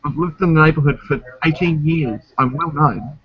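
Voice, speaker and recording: A man's voice: a little high, moderate pace, dull audio. A man chatting casually on his stream, indignant and swearing freely. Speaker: streamer host. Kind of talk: casual chat.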